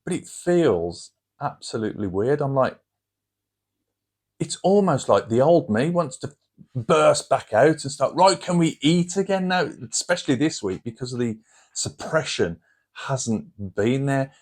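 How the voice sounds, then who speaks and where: A man's voice: medium pitch, expressive, measured pace, a little mellow. A middle-aged man with a Birmingham accent, chatting casually to camera as a channel host in a rambling, down-to-earth way. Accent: Birmingham (Brummie). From England.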